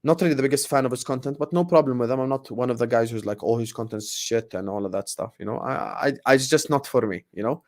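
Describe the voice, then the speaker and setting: A young man in his late twenties hosts a loose live Q&A for his football channel, thanking viewers and riffing on their questions. His talk is animated and chatty, and he often says a line twice. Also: mid-range voice, quick pace, hardly any pauses. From grew up partly in the UAE. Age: 20s. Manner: animated, repeats phrases, warm thanks to viewers. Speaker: YouTube football channel host. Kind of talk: casual live Q&A chat.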